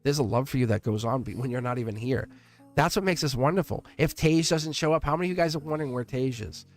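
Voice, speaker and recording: A middle-aged man hosting a live tarot reading stream, talking warmly and at length to his viewers, rambling with frequent restarts and laughs. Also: medium pitch, quick pace, faint music behind. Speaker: live tarot reader and channel host.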